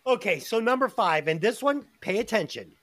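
A man hosting a casual podcast, animated and profane, laughing often as he banters. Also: sits high, normal speed. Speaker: podcast host.

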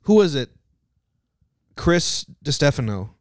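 A man's voice: on the high side, slow pace, dry recording, studio quality. A man co-hosting a casual podcast chat, telling stories with heavy swearing and acting out other people's lines. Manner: profane, animated storyteller who acts out quotes. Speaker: podcast co-host.

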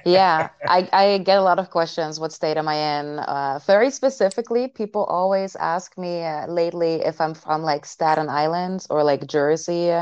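A woman's voice: on the low side, moderate pace, hardly any pauses, darkish tone, clean tone, no room sound, muffled recording. A young woman from the Netherlands with a Dutch accent, a chatty podcast guest who laughs lightly. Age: young adult. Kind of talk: casual interview chat.

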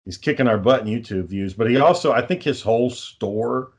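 A man's voice: mid-range voice, fairly quick. A man co-hosting a podcast in casual chat, giving rambling explanations full of fillers and frequent swearing. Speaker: podcast co-host.

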